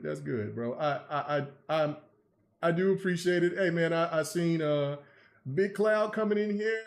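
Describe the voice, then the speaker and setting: A man hosting a gaming podcast, reading super chats aloud in a stammering, teasing, laughing way. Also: sits high. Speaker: podcast host.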